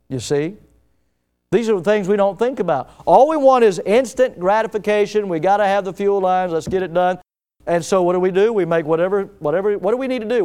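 A man preaching a sermon to his congregation. He is emphatic, rising to loud peaks and dropping to hushed asides, and often asks his listeners direct questions. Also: sits high, animated, a little fast, clean tone. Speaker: pastor.

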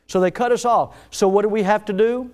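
A man preaching a sermon to his congregation. He is emphatic, rising to loud peaks and dropping to hushed asides, and often asks his listeners direct questions. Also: sits high, steady tone, a little fast. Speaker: pastor.

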